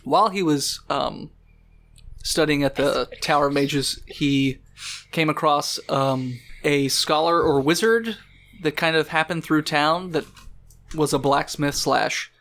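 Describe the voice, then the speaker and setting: A man narrating as game master in a relaxed, casual way, fielding the players' questions. His voice is slightly high, with a steady gravelly fry running through it. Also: slow. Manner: casual, explains rules and answers questions.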